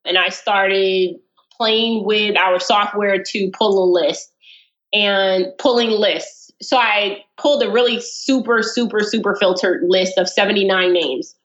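A woman's voice: mid-range voice, measured pace. A woman guest telling a story in a casual interview, acting out the dialogue as she goes. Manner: animated, acts out quoted dialogue. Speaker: guest, real estate investor. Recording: roomy, dull sound.

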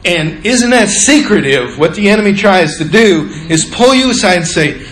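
A male pastor preaching a sermon with animated delivery, acting out the scripture. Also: high-pitched, moderate pace, roomy sound.

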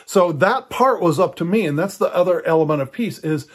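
Husky and high, with lively intonation and a slightly fast pace, an older male preacher delivers a personal teaching talk. He tells it conversationally, as a loose story, with many fillers and frequent restarts.

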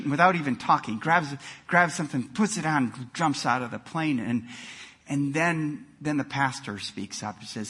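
A man preaching a sermon, telling jokes and stories with animated emphasis and frequent repeated words. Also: a little high, normal speed, husky. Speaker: pastor.

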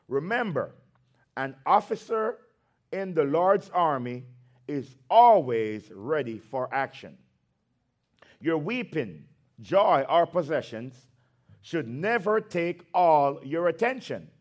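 A man's voice: fairly high pitch, big pitch swings, darkish tone. A male pastor preaching a sermon, drawing out his words for emphasis and breaking into conversational asides between scripture readings. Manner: slow, emphatic preaching with drawn-out phrases.

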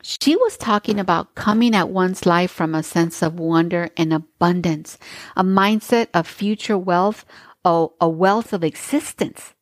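A woman's voice: lowish voice, unhurried, no echo. A woman host reading a book aloud and then commenting on it with gushing enthusiasm.

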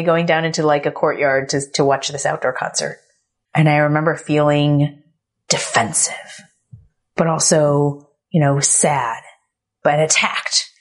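A podcast host in her thirties tells a candid personal story, reflective in tone and punctuated by soft laughter. Her voice sits low.

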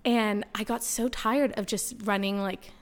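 Young woman telling animated stories. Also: mid-range voice, a little slow. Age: young adult. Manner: animated, heavy use of "like", laughs while telling stories. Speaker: podcast guest. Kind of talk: casual storytelling chat.

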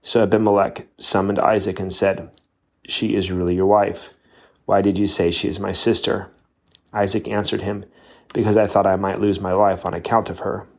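Guy reading bible passages out loud, kinda low and monotone, trips on words here and there. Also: normal speed. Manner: plain, steady reading with small slips and restarts. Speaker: Bible reader. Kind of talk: reading scripture aloud.

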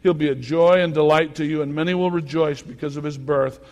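A male pastor preaches a sermon in a high, bright voice that carries a long reverb through the church. He drops to quiet, teacherly talk and then climbs into loud exhortation. When he gets worked up, he repeats and stumbles over his words. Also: fairly even intonation, a little fast. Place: church sanctuary. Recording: long echo of a church hall.

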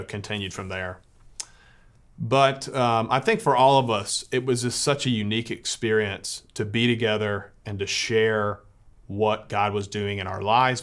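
A man's voice: on the low side, steady tone, moderate pace, fairly bright tone. A Catholic priest telling a personal story to listeners in an earnest way, often restarting as he searches for words.

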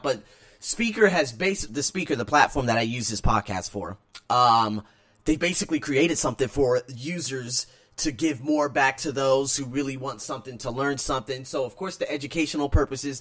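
A man hosting his own podcast, talking casually and rambling, swinging between loud excitement and low mutters. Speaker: podcast host. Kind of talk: casual solo podcast talk.

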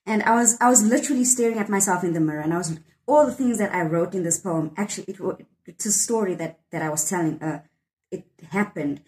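A woman's voice: lowish voice, fast, darkish tone, low-quality recording. A woman in her thirties with a South African accent, talking earnestly and reflectively about her poem in an interview, often restarting her sentences. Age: 30s. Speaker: poet discussing her poem. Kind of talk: candid conversational interview.

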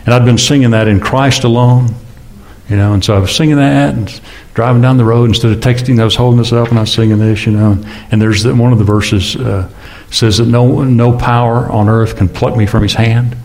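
A man's voice: fairly even intonation, a little fast, darkish tone. A man preaching a sermon in church, talking casually and asking the congregation rhetorical questions. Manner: conversational, with rhetorical questions and sudden rises in pitch. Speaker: pastor.

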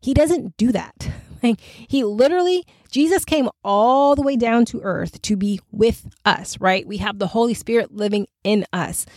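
A woman hosting a faith podcast, talking in an earnest, conversational, animated way to her listeners. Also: a little high, moderate pace, no echo. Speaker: podcast host.

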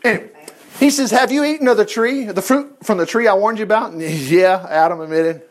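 A man's voice: sits high, brisk, slight background noise. A man preaching a sermon, reading scripture aloud and breaking off into folksy, exclaiming asides to his listeners. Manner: folksy, talks straight to the congregation.

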